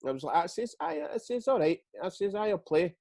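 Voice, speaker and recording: A man's voice: high voice, big pitch swings, fast talker, gravelly, mellow, no room sound. A middle-aged Scottish man, a retired footballer, telling his career stories in a casual interview, swearing freely and acting out what others said. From Scotland.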